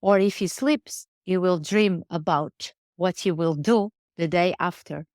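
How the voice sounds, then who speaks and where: A woman's voice: fairly low pitch, a little slow, a little mellow, no echo, clean studio sound. A woman, speaking earnestly in a casual interview and often repeating words as she searches for phrasing. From Portugal. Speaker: guest, riding instructor.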